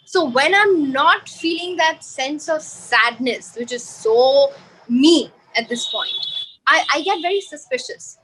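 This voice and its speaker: Over a rough video-call recording, a woman in a casual group panel muses aloud, hesitant and full of "like" fillers. Her high voice is animated and a bit bright, though she speaks at a slow pace.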